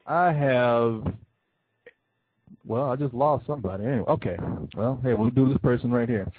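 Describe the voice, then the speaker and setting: A man's voice: medium pitch, normal speed, husky, no echo. A man hosting a call-in show, chatting loosely and joking with callers, swearing freely. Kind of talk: casual call-in chat. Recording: tinny phone-line sound.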